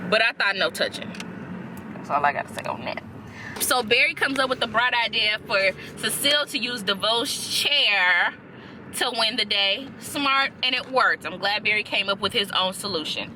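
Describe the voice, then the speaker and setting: A woman's voice: fairly high pitch, expressive, normal speed, pushed and bright, a little hiss or hum. A young woman chatting casually in a car for a reaction vlog, rambling and easily sidetracked. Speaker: vlogger reacting to a TV episode.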